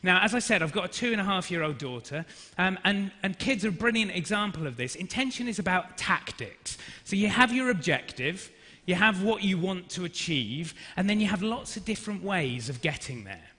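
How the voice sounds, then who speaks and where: A man in his thirties, an actor leading an energetic interactive business workshop and directing the audience. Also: high-pitched, moderate pace, husky. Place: large conference hall. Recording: reverberant hall.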